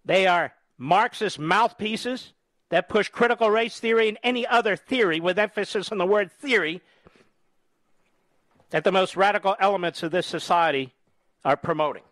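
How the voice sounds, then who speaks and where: A man's voice: sits high, moderate pace, a bit bright, dry recording. A man in his sixties from the United States, a radio host delivering a combative, scornful political monologue with emphatic repetition. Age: 60s.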